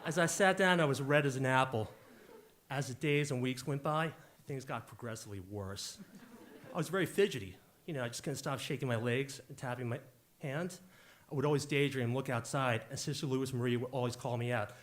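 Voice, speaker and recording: A man's voice: medium pitch, normal speed, background noise. A man in his forties telling a jokey, punchy story live on stage into a handheld mic.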